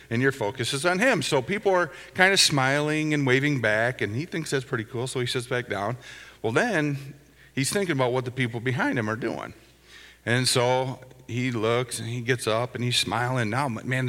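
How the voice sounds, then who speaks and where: Bright-voiced pastor in a reverberant sanctuary. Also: male voice, mid-range voice. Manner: conversational, anecdotal, chuckling asides. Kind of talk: sermon with storytelling. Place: church sanctuary. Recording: long hall reverb.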